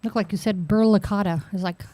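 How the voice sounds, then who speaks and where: A woman's voice: mid-range voice, fairly even intonation, brisk, dark tone, no echo. A woman co-hosting a live radio show in casual chat, chiming in with short, laughing, teasing remarks. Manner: laughing, brief teasing interjections. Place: small radio studio.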